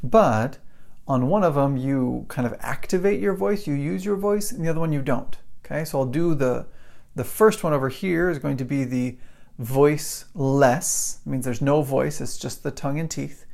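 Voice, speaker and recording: A man's voice: medium pitch, moderate pace, gravelly, a little mellow. A man teaching English pronunciation to camera, explaining patiently and checking in with the viewer again and again. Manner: explains patiently, keeps checking with "right?" and "okay?". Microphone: microphone in front of him.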